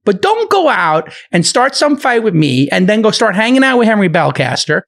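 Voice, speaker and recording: A man's voice: sits high, very animated, normal speed, gravelly, a bit bright. A man moderating a podcast, delivering a heated, profane rant in a heated argument. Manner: ranting, profane, emphatic.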